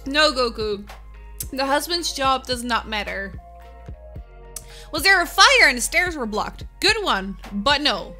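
Woman streamer, animated, sharp bright tone; upbeat, answers viewers by name. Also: high-pitched, measured pace, pauses often, faint music behind. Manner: upbeat, laughs often, answers chat by name. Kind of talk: casual chat with live viewers.

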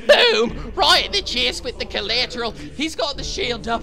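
A man hosting a gameplay clip countdown over a headset mic, giving hyped commentary and shouting at each kill. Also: very high voice, big pitch swings, normal speed, creaky. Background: music.

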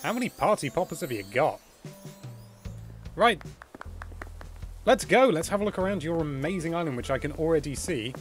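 A man hosting a casual game livestream, excitable and chatty, exclaiming as he goes. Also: a little high, normal speed, long pauses, faint music behind. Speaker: livestream host.

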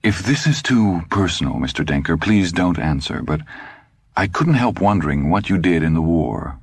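A man's voice: sits low, expressive, normal speed, husky, no echo, full character voice. A man reading an audiobook, voicing a friendly, chatty middle-aged father who talks in a casual, slightly blunt way. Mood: affable.

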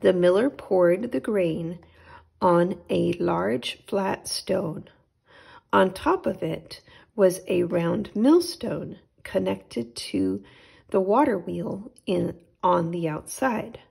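A woman reads a children's picture book aloud at a slow, gentle pace. Her voice has a strong gravelly fry and a husky, breathy grain. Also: on the low side, lively intonation. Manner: gentle, unhurried storytelling. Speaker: storytime host.

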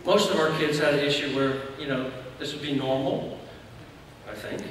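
A church elder preaching a sermon, telling a story and acting out shouted lines. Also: male voice, fairly high pitch, fairly even intonation, moderate pace, a little hiss or hum. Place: church sanctuary. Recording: echoey hall from far off.

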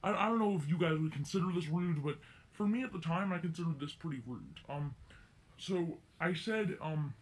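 A man's voice: fairly high pitch, normal speed. A teenage boy telling a rambling, self-correcting story in a casual story-time vlog. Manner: rambling, circling back and correcting himself. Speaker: vlogger.

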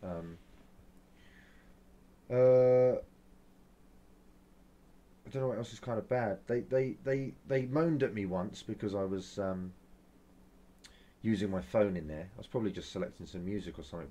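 Grumbling man, low mellow voice. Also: moderate pace, pauses often. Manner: rambling, grumbling, frequent fillers and restarts, mild swearing. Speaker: vlogger. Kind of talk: casual vlog monologue.

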